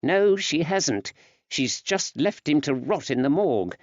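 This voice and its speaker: A man's voice: on the high side, very animated, measured pace, dry recording, pitched above the performer's own voice. A man voicing a fond, fretful wife. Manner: warm, earnest and chatty. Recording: dry, slightly dull recording.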